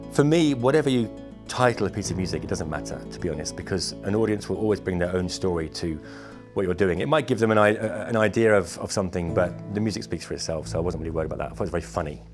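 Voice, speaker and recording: Male storyteller with a fairly low voice. Wry, amused, talks straight to camera. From Britain. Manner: animated, acts out other people's lines. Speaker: musician recounting travels.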